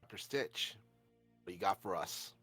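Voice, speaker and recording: Lively-voiced man running a tabletop game. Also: deep voice, unhurried, slightly rough, dry recording, faint music behind. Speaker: game master.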